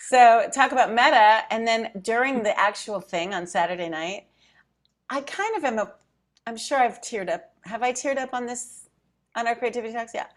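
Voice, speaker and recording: A woman's voice: a little high, normal speed. Middle-aged woman co-host, casual and emotional, acts out what she thought. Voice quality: emotional, close to tears at times. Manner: animated storyteller, acts out her own thoughts. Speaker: podcast co-host. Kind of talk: casual chat.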